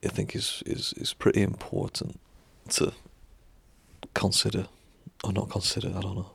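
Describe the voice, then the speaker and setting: Gravelly husky man musing aloud. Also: deep voice, completely flat delivery, moderate pace, fairly bright tone, dry recording. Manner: musing, full of fillers and restarts, swears casually. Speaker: vlogger. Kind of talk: casual rambling monologue.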